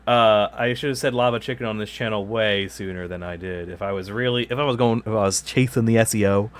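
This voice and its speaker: A man's voice: on the low side, a little fast. Rambling, self-correcting male streamer. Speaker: gaming channel host. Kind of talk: casual chat while live streaming gameplay. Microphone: microphone kept far from the mouth.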